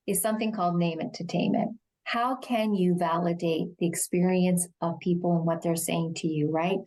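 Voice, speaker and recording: A middle-aged woman with a quiet, soothing voice, speaking slowly and gently as a guest explaining de-escalation in a TV interview. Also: fairly low pitch. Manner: slow, measured, gentle delivery. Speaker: shelter executive director, interview guest.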